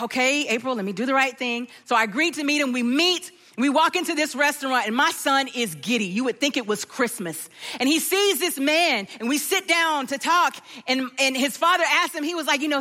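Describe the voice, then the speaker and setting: A middle-aged woman preaching, her voice high and bright with a clear ring. She tells a personal story with animation and slips into the voices of the people in it. Her delivery is lively, as a sermon should be. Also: brisk.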